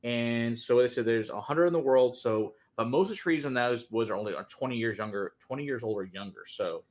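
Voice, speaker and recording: A man in easy, relaxed conversation with friends over a glass, reeling off tasting notes with obvious enthusiasm. His voice sits at an ordinary mid pitch, and he talks loosely and casually. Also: brisk. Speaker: whiskey reviewer, co-host.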